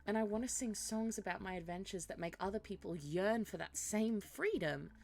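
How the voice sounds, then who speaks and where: A woman voicing a young female ranger who speaks softly and hesitantly in a cosy tavern role-play. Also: mid-range voice, normal speed, gravelly, close to an everyday voice. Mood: wistful. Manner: soft, hesitant and yearning.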